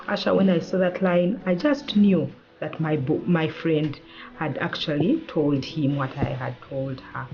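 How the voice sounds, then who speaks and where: A woman lawyer, a guest in an interview, telling a personal story in an animated way and acting out the lines of the people in it. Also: low voice, measured pace, dull audio. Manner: animated, acts out quoted dialogue.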